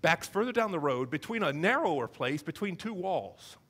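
A male pastor delivering a sermon in a bright, high voice that swoops up and down. He tells the story with animated, comic acted-out voices. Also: normal speed, slightly rough.

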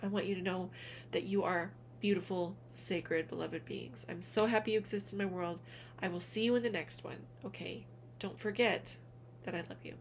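A woman speaking gently and earnestly to her viewers in a heartfelt vlog, calling them honey as she encourages them. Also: fairly low pitch, steady tone, moderate pace, creaky, a little hiss or hum. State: tearful at moments. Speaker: spiritual vlogger, reader. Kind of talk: heartfelt direct-to-camera vlog.

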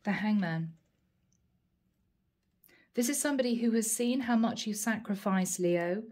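Woman tarot reader, mellow tone, emotional, earnest, repetitive spiritual phrasing. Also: mid-range voice, measured pace. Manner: emotional, breathy exclamations. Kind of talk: channeled tarot reading.

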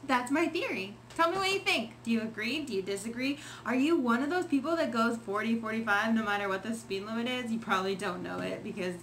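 A woman vlogger with a bright, forward voice that sits a little high, talking casually and expressively to her camera. She acts out her own reactions as she goes, and a faint hiss sits under the recording. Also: expressive, brisk, hardly any pauses. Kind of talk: casual vlog monologue.

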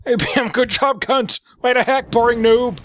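Man putting on a shrill furious gamer. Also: expressive, unhurried, bright, forceful tone, slight background noise, full character voice. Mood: angry ranting. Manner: shrill, hurling insults. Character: furious ranting male online gamer, insulting.

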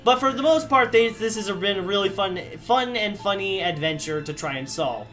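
A man's voice: high voice, expressive, moderate pace, fairly bright tone, soft background music. A man hosting a let's play, chatting casually and rambling about the game with filler words. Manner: rambling, self-deprecating, chatty. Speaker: gaming channel host.

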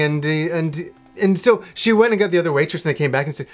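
A man's voice: on the high side, fast talker, faint music behind. A man talking casually to camera from a room in his home, rambling enthusiastically with lots of fillers and restarts. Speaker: video game vlogger.

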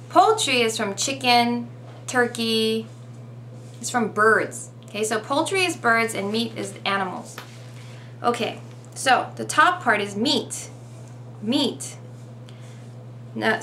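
A woman teaching vocabulary at a very slow, deliberate pace, repeating each word and asking "okay?" as she goes. Her voice is bright and slightly high. A faint hum runs underneath. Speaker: ESL teacher.

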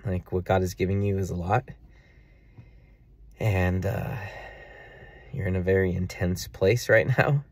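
A man's voice: deep voice, steady tone, slow pace, pauses often, a little mellow, no room sound. A young man talking earnestly and at length in a personal video diary about faith and money. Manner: earnest, rambling, faith-filled reflection. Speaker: vlogger.

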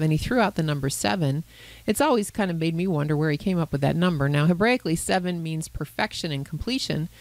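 A woman, a Christian counselor co-hosting a podcast, retelling a Bible parable in a lively storytelling way. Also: lowish voice, no room sound, low-quality recording. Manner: animated storyteller who voices characters. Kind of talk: conversational Bible teaching.

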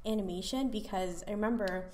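A woman's voice: medium pitch, fairly quick, darkish tone. Enthusiastic woman gushing on a podcast. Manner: enthusiastic, laughs often. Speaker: podcast panelist. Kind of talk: casual podcast chat about comics.

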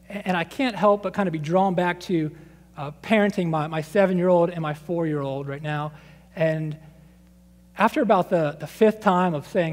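A man in his thirties preaching a sermon, conversational and animated, acting out scripture quotes and his children's voices. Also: on the high side, a little fast. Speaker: pastor. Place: church sanctuary. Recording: long reverb of a church sanctuary.

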